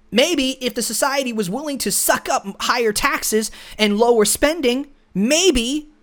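A man's voice: very high-pitched, a bit bright. A man hosting a podcast, talking alone in a blunt, lecturing, combative way. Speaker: podcast host. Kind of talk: solo opinion monologue.

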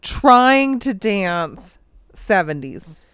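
A woman's voice: mid-range voice, very animated, drawn-out words, a bit bright, smooth, no room sound. A woman co-hosting a casual true-crime podcast at home, telling the story animatedly, swearing freely and laughing often. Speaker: podcast co-host.

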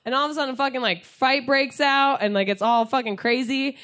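A woman's voice: high voice, fairly quick. A young woman telling a rowdy personal story in casual chat, swearing constantly and acting out quotes. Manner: profane, animated storytelling with acted quotes.

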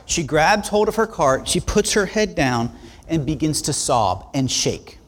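Animated preaching male pastor. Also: a little high, unhurried. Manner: animated, conversational, acts out dialogue. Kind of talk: sermon storytelling.

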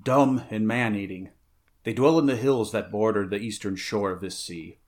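A man's voice: lowish voice, moderate pace, natural voice. A man voicing a weary, blunt barbarian warrior in a read-aloud story, grunting his lines. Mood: gruff.

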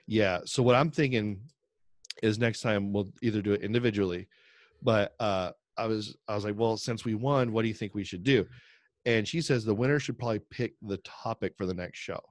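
A man's voice: lowish voice, moderate pace, dry recording, studio quality. A middle-aged man co-hosting a podcast, telling rambling stories and laughing often. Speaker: podcast co-host. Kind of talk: casual chat.

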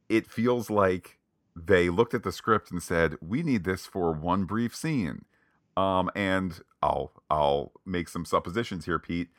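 A man co-hosting a casual podcast, recapping an episode in a playful, animated way with lots of jokey asides. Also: deep voice, dry recording, clean studio sound. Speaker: podcast co-host.

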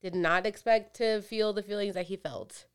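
Woman, very clear smooth voice, casual podcast chat, animated storytelling, mid pitch. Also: normal speed. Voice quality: swears casually. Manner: animated retelling, acts out quotes. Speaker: podcast co-host.

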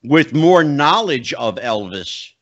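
A man hosting a talk show, chatting casually and stressing his words with drawn-out phrasing. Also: on the high side, big pitch swings, fairly bright tone. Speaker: host. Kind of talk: casual interview chat. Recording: dull lo-fi sound.

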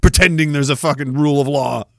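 A man's voice: a little high, steady tone, fast, gravelly, no room sound, studio quality. A tired man hosting a podcast, rambling sarcastically in casual chat as he reads out viewer comments. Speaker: podcast host.

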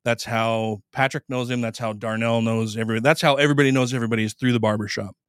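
Smooth-voiced man casually retelling a story. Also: medium pitch, fairly even intonation, fast talker, a bit bright, no room sound, studio quality. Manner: conversational, profane, acts out quoted lines. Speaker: podcast host. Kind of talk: casual retelling of a court case.

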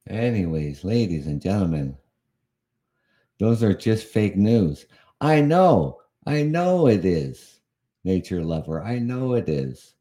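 His voice is low and mellow, slow in pace but with big swings in pitch. In his fifties and from Canada, he's hosting a casual live podcast, frequently chuckling, sounding exasperated, and rambling with restarts.

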